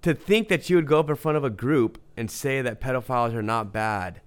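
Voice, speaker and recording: A man's voice: medium pitch, fairly quick, smooth. Indignant man ranting on a podcast. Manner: emphatic, indignant, rambling. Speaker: podcast co-host. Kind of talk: casual podcast commentary.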